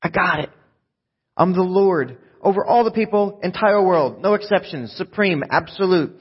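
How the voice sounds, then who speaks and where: A man voicing God, all-powerful and hyped, raised and loud, echoey muffled hall. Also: high-pitched, normal speed, husky, voice pushed up. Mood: emphatic. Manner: emphatic, declaiming, hyped-up. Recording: dull echoey hall sound.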